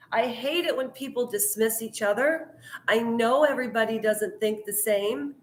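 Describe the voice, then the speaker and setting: A woman's voice: on the high side, a bit bright, reverberant. A middle-aged woman from Canada talking in a heated, earnest vlog monologue. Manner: heated, earnest, talks of her anger. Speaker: YouTuber.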